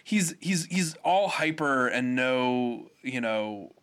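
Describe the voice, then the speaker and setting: A man's voice: mid-range voice, expressive, takes it slowly, fairly bright tone, clean tone. A man co-hosting a casual podcast chat, talking hesitantly with frequent fillers and restarts. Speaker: podcast co-host.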